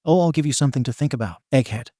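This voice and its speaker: A man's voice: mid-range voice, very fast, warm tone, dry recording, clean studio sound, natural voice. A man voicing a hot-tempered, foul-mouthed teenage boy who talks in an angry, insulting way.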